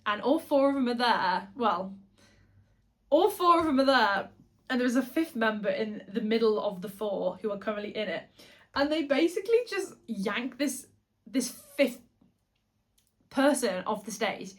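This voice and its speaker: A woman talking straight to camera in a casual, gossipy vlog, her voice sitting a little high. She is chatty and breezy and keeps breaking off into asides and quick self-corrections. It sounds like a pop singer sharing stories with her viewers. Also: expressive.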